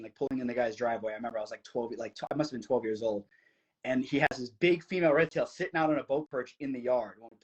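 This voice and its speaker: A young man from New Jersey tells a story as a podcast guest, eager and quick, with lots of "like" fillers. His voice is somewhat husky and breathy. The audio is slightly muffled and lo-fi. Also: medium pitch. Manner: excited, fast, many "like" fillers. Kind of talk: casual storytelling.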